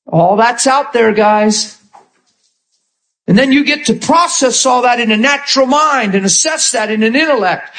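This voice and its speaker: A man preaching a sermon with impassioned storytelling, acting out scenes and often shouting. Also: very high-pitched, moderate pace.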